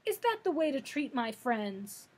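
A woman's voice: high-pitched, sing-song, unhurried, slightly rough, voice pushed up, heavily acted. A woman reading aloud and voicing a young girl who speaks up firmly to her quarrelling pets. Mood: stern. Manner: bossy and stern when scolding. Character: stern little girl heroine, kindly but firm.

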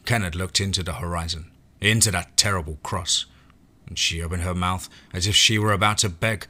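Deep-voiced man narrating a horror story. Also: brisk. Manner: steady, dramatic first-person storytelling.

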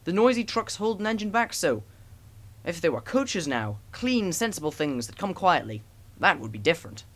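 A man's voice: high-pitched, very animated, normal speed, voice pushed up. A man voicing a big, proud, boastful express engine in a storybook reading, grumbling and pompous.

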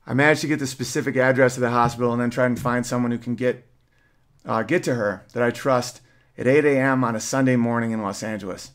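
Male host, mid-pitched, reads a personal story with earnest emotion. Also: fairly even intonation, quick pace. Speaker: podcast host. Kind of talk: reading a personal story aloud.

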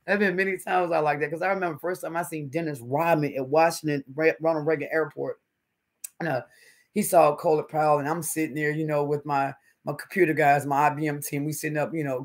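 Animated man hosting a livestream. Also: fairly high pitch, fast talker. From North Carolina, US. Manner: animated storyteller, calls viewers honey and baby. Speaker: livestream host. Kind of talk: casual live-stream chat with viewers.

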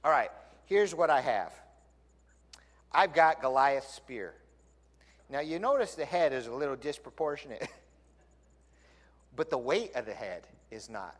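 A male pastor preaching a sermon in a lively, conversational storytelling way, in a church sanctuary. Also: medium pitch, unhurried, long pauses. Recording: long church hall reverb.

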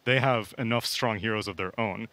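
A man analyzing esports strategy on a live panel in an animated, laughing way, acting out hypotheticals. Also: lowish voice, moderate pace, no room sound.

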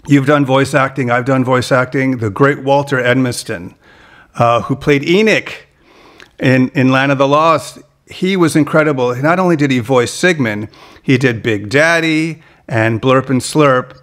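Podcast host guy, mid-pitch voice, rambly chat full of uhs and restarts. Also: a bit bright. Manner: chatty, halting with many fillers and restarts. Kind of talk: casual interview chat.

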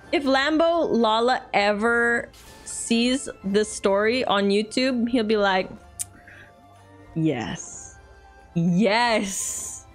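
A young woman streamer, reading a story aloud and then chatting casually and animatedly with her viewers. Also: on the high side. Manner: animated, giggly, chatty with chat.

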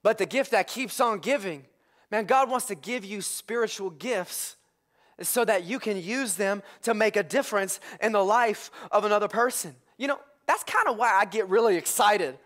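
A male pastor preaching a sermon, excitable and prone to shouting with enthusiasm. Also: high voice, normal speed. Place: church.

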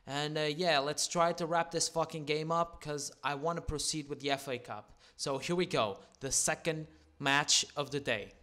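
A young man casually commentating a football video game, swearing a lot and getting loud at big moments. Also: on the high side, normal speed, few pauses. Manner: excitable, swears constantly, shouts at big moments. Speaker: gaming commentator.

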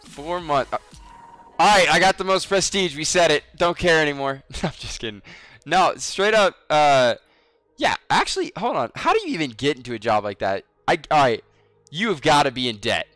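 A man's voice: on the high side, sing-song, moderate pace, a bit bright, no echo, faint music behind. A man in his twenties chatting casually on a game livestream, swearing freely, teasing his viewers and laughing often. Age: 20s. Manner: joking, profane, laughs often. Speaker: game streamer.

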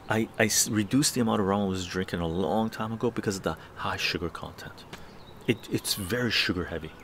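A man's voice: on the low side, slight background noise. A man from Canada hosting a casual live stream from an outdoor patio garden, rambling and tagging his sentences with "right?". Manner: rambling, tag questions like "right?". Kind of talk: casual chat.

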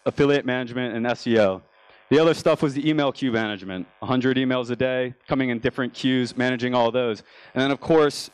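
This young man from the US speaks with a clean, mid-range voice and no echo. Delivering a business talk at a conference, he recounts his story in a casual way with many restarts.

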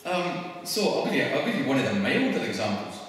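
A Scottish man gives a wry, conversational talk, his mid-pitched voice picked up from a distance. The sound is roomy, with a long reverb tail and a faint hiss underneath. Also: sing-song, fairly bright tone. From Scotland. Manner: conversational and wry, quick laughs. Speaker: speaker at a public event. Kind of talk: public talk to an audience. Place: church hall. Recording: echoey hall recorded from far off.

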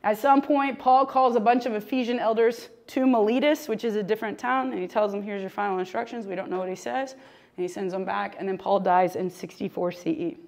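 A woman's voice: mid-range voice, a little fast, darkish tone. A woman teaching a humorous, chatty Bible lesson, joking and laughing often.

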